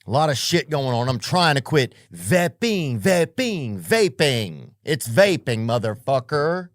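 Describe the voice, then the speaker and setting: A man's voice: medium pitch, expressive, a little slow, no room sound, studio quality. Rambling, profane male podcast host. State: keyed up. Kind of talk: comedic podcast monologue.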